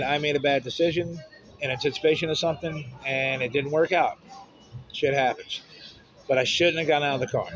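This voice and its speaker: Vlogger man, fairly high voice, swears freely, emotional rambling vent, dull lo-fi sound. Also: a bit bright. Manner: profane, blunt, emotional. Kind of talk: rambling personal vent to camera.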